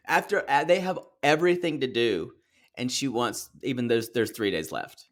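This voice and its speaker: A man's voice: medium pitch, moderate pace. A man co-hosting a podcast, recapping a reality show with bawdy, giggly banter. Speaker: podcast co-host. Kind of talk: casual recap chat.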